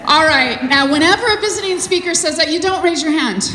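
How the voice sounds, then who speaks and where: A woman with a high voice preaches to a congregation, chatty and animated, full of little fillers. Her voice rings out through a large church hall, with a long echo trailing after each phrase. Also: brisk. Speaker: visiting speaker. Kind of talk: sermon. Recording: echoey hall from a distance.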